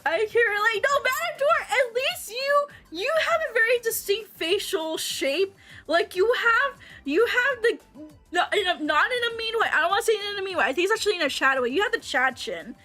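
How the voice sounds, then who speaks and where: A woman streamer chatting casually to her livestream audience, animated and excitable, swearing freely and laughing often. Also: extremely high pitch, brisk, soft background music. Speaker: VTuber streamer.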